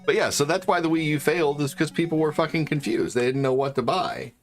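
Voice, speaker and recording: A man's voice: a little high, fast, soft background music. A man streaming retro games, chatting casually and crudely with his viewers. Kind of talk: casual live-stream chat.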